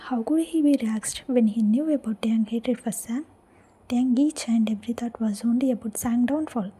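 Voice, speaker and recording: A woman narrates a romance fan-fiction story in a soft, hushed voice that sits close to a whisper. Her tone is very dark and mellow, with a breathy texture. Her pitch sits fairly high. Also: normal speed, poor audio.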